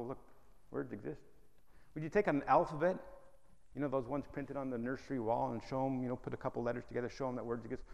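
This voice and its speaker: Male preacher, gravelly voice, emphatic and humorous, echoing hall. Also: medium pitch, darkish tone. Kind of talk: sermon. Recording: hall reverb.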